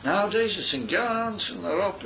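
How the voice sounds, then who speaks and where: A man's voice: high-pitched, expressive, moderate pace, gravelly. An older man from Australia, telling a meandering story at a yeshiva gathering and mixing in Yiddish words. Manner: meandering, repeats and restarts, mixes in Yiddish words. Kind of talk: rambling storytelling talk. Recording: dull, noisy recording.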